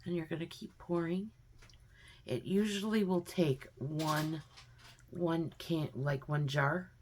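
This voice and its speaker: A woman with a low voice talks slowly through a casual cooking demonstration at home. Her manner is chatty and homey, explaining each step with many fillers. A faint noise sits behind her voice. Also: darkish tone. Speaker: home cook vlogger. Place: home kitchen.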